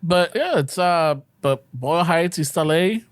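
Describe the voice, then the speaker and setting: A man's voice: a little high, lively intonation, unhurried, clean tone, dry recording. A man chatting casually on a podcast, often tossing in "you know". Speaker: podcast co-host.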